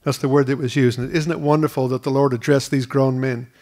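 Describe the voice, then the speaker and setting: Male pastor, middle pitch, earnest sermon delivery with frequent restarts. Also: fairly even intonation, a little fast, darkish tone. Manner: earnest, repeats words at restarts. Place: school hall used for church.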